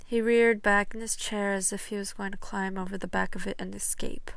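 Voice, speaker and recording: A woman narrating fan fiction for an audiobook in a soft, measured way. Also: medium pitch, steady tone, gravelly, smooth, dry recording.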